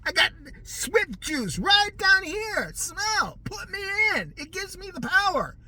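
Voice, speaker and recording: A vlogger putting on a raging, arrogant football player who yells and brags in slow, drawn-out shouts. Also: very high-pitched, big pitch swings, pitched above the performer's own voice, full character voice. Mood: bellowing. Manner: shouting, slow, crude bragging.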